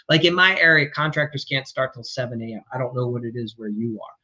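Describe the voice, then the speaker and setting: A man's voice: medium pitch, quick pace, hardly any pauses, bright, forceful tone, muffled recording. A man coaching remodelers on sales in an emphatic, blunt way, swearing casually as he talks. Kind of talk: energetic coaching talk.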